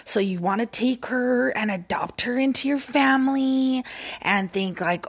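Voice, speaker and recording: A woman's voice: mid-range voice, unhurried, breathy edge. A woman podcast host rambling casually and self-mockingly from a recliner at home. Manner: scattered, self-mocking, giggly.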